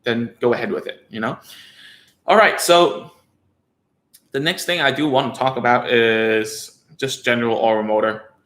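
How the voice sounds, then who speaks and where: Man, speech therapist, bright tone, casual rambling explanation, frequent "okay?" and "right?". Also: medium pitch, normal speed, echoey room. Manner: conversational, rambling with frequent fillers and tag questions. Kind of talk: casual educational talk to parents.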